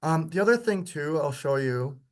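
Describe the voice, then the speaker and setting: A man teaching a workshop, walking through software in a casual, chatty way with frequent ums. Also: on the high side, expressive, normal speed. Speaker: workshop instructor. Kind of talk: live software demonstration lecture.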